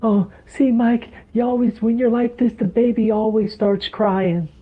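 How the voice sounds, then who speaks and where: An exasperated young mother scolds her husband in a whiny, strained falsetto, as a man puts her on. Her voice sits far above a man's range. The sound is thin and tinny, as if it came down a phone line. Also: steady tone, unhurried, husky. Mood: whining.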